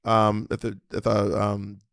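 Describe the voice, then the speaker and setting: A man's voice: fairly low pitch, monotone, a little slow, vocal fry, fairly bright tone, no room sound, clean studio sound. A man co-hosting a podcast, chatting casually in a theatrical way and tripping over repeated words. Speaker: podcast co-host. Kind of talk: casual chat.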